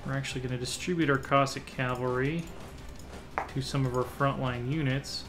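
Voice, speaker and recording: A man narrates his own strategy game session in a casual, offhand way. He thinks out loud, restarts his sentences and mutters plans as he goes. His voice sits at an ordinary middle pitch, with faint music playing behind him. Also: fairly even intonation, normal speed. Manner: thinks aloud while clicking through menus, muttering half-finished plans. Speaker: let's play host. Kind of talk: casual gameplay commentary.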